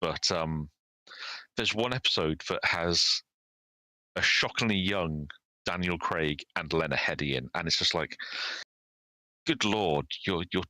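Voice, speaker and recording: A man co-hosting a podcast in casual chat, wry and measured. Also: low-pitched, bright, forceful tone, dry recording, low-quality recording. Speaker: podcast co-host.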